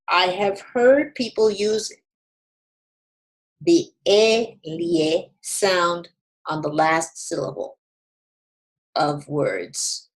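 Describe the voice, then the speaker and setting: A middle-aged woman gives an online Spanish lesson and pronounces drill words with an Ecuadorian Andean accent. Her pace is unhurried and measured, and each word gets its own moment. Between drills she shifts into friendly, chatty encouragement. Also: fairly low pitch. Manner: slow, deliberate word-by-word modeling, then chatty encouragement. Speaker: Spanish teacher.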